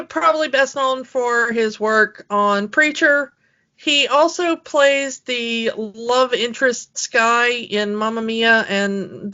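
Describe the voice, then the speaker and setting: A woman co-hosting a podcast in casual chat, rambling with many fillers and quick laughs. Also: on the high side, sharp tone, muffled recording. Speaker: podcast co-host.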